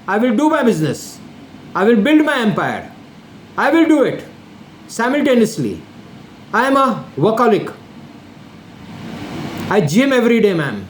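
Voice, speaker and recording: Indian guy in his 60s going on and on, repeats himself, pitch jumps all over, roomy sound. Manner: insistent, repetitive, addresses the listener formally over and over. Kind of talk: direct-to-camera monologue. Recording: echoey room with faint air-conditioning hum.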